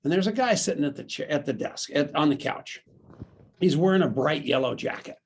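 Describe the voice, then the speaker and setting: A middle-aged man, a guest on an interview podcast, telling a story loudly and with lively energy. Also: on the high side, brisk, slight background noise. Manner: loud, lively anecdote teller. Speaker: guest, network marketer.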